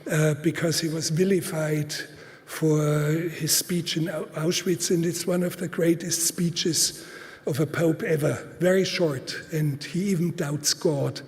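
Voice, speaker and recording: A man gives a live conference talk in deliberate, halting speech, with fillers and restarts, stressing points by repeating words. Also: a little high, steady tone. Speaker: conference speaker. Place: large auditorium. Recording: long hall reverb.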